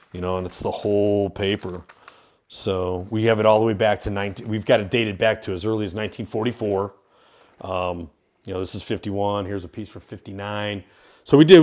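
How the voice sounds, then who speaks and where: A man's voice: lowish voice, darkish tone. A man who owns a haunted house, casually explaining it on a tour with lots of fillers and restarts. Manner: rambling, with many fillers and restarts. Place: inside an old industrial building.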